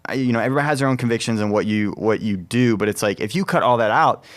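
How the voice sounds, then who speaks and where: A man's voice: mid-range voice, racing, no echo. Young man chatting on a church podcast. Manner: rambling, many fillers, laughs loudly when amused. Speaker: youth ministry podcast host. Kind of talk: casual chat.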